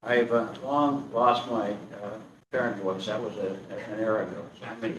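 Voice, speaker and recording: A man's voice: lowish voice, fairly even intonation, normal speed, highs cut off. An older man, a county commissioner, giving rambling, chatty remarks at a public meeting. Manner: rambling, chatty, many fillers. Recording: echoey room, distant mic, background noise.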